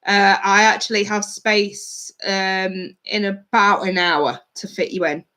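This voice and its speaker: A woman's voice: medium pitch, fairly even intonation, slow, bright, forceful tone. A woman giving live tarot readings to her viewers in a chatty, blunt way, swearing casually. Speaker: tarot reader.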